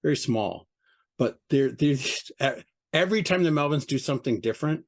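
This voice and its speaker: A man's voice: a little high, expressive, a little fast. A man giving a casual interview as a record label owner, blunt and profane, with mocking asides. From United States.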